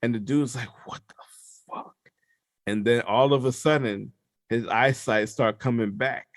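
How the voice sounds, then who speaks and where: Man, podcast co-host, casual storytelling, low gravelly voice, dry close sound. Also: moderate pace, no room sound. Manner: animated storyteller, acts out voices.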